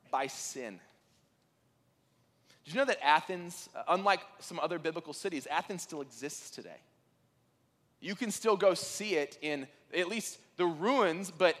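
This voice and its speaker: High-voiced preacher in a reverberant hall. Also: male voice. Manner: animated storytelling, rising to excited peaks. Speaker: pastor. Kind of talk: sermon.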